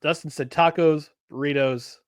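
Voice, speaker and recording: A man's voice: a little high, steady tone, moderate pace, no room sound, studio quality. A man co-hosting a sports podcast in casual chat, rambling with lots of restarts and fillers. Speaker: podcast co-host.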